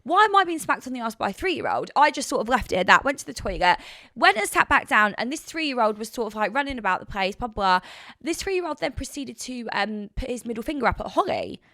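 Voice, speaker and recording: A young woman from London, a podcast co-host telling a long story in an animated, chatty way. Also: fairly quick, no echo, clean studio sound. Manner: animated, chatty storyteller, breaks into high laughter. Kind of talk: casual storytelling chat.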